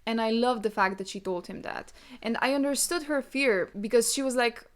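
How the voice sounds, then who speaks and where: A woman's voice: on the high side, moderate pace, few pauses. A woman hosting a book podcast, chatting emotionally and gushing about a novel. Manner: gushing and emotional, reading quotes aloud. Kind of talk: casual book review chat.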